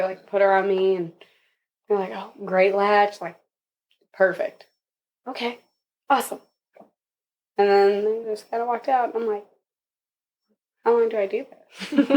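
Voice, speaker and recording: A woman's voice: mid-range voice, darkish tone. A young woman, a podcast guest, telling her birth story casually and with animation, laughing often and acting out what others said.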